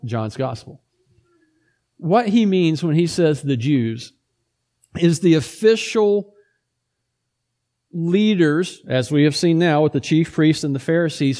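A man's voice: fairly high pitch, darkish tone. A man preaching a conversational sermon as pastor, often asking "right?" and acting out the people he quotes. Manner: conversational, acts out quoted exchanges.

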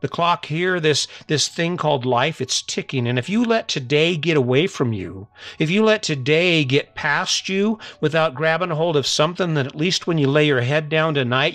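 A man's voice: a little high, fairly bright tone, no room sound. Earnest middle-aged man, dry close mic. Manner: earnest, coaxing, repeats challenges. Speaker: podcast host. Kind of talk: motivational monologue.

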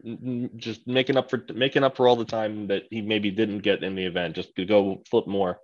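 A man co-hosting a podcast in casual chat, rambling with halting restarts over a remote call mic. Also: on the low side, level tone. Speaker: podcast co-host. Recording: muffled lo-fi audio.

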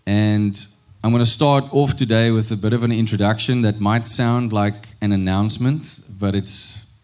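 A pastor with a South African accent and a fairly low voice preaches a sermon in a warm, chatty way, laughing easily.

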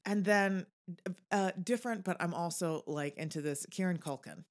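Low-voiced woman musing on a podcast. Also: moderate pace. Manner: thoughtful, musing, playful. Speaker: podcast co-host. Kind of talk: casual chat about film casting.

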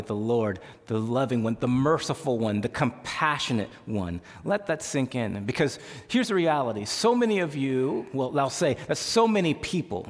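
A male pastor preaching a sermon in a conversational, animated way. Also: medium pitch. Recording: long hall reverb.

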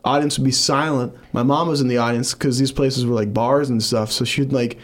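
Young man, comedian guest, casual chat, rambling, mid-pitched voice. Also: fairly even intonation, fairly quick. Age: young adult. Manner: rambling storyteller, filler-heavy "like".

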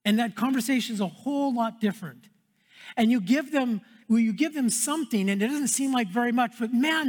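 A male pastor preaching a sermon in an earnest way, repeating phrases and dropping to a hush for emphasis. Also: extremely high pitch, a little fast. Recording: long hall reverb.

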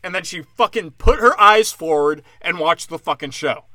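New york comedy guy ranting on his podcast, high bright voice, swears constantly, real angry. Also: animated, normal speed, no room sound, clean studio sound. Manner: profane, ranting, aggressive. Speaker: stand-up comic, podcaster.

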